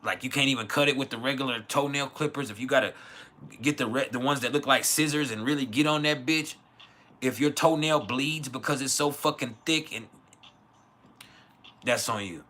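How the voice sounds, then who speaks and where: A man's voice: mid-range voice, normal speed, pushed and bright. Blunt, foul-mouthed man. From West Texas, US. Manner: blunt, profane, joking, answers chat. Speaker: livestream host. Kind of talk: casual livestream rant.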